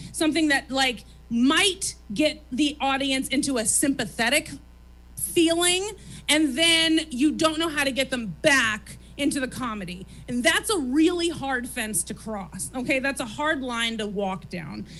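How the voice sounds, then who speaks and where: A woman in her thirties speaks with a high, bright, ringing voice. She talks bluntly and emphatically, peppering her talk with swearing, as a comedian guest on a comedy theater stage. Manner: emphatic, profane, rapid-fire. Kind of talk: candid confessional talk.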